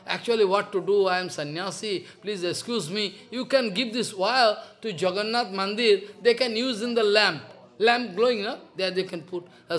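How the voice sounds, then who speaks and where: High-voiced man preaching animatedly. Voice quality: non-native English with dropped verbs and articles. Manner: animated, acts out characters' voices. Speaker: spiritual teacher. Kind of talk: storytelling sermon.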